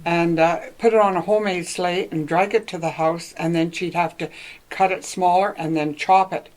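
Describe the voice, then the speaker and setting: A woman's voice: fairly low pitch, fairly even intonation, moderate pace, a little mellow, poor audio. A woman in her seventies from northwestern Ontario, reminiscing in a casual oral-history interview and often laughing as she rambles. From northwestern Ontario, Canada.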